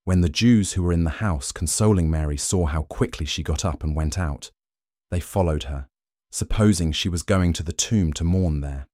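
A man narrating scripture in a steady, measured way. His voice is very deep and mellow. It is recorded dry and close, with no room sound. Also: no echo. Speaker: scripture reader.

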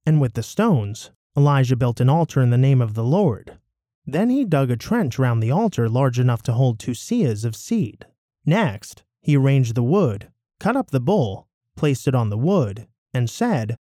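A man narrating a scripture passage in a measured, expressive way, his pitch moving widely across phrases. His tone is mellow and soft-edged. The recording is dry and close, with no room sound. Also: dry recording. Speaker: scripture reader.

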